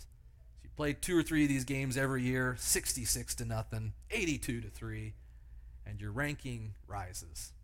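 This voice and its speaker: Man, preacher, sermon storytelling, vivid illustrations, rhetorical questions, mid-pitched voice. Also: normal speed.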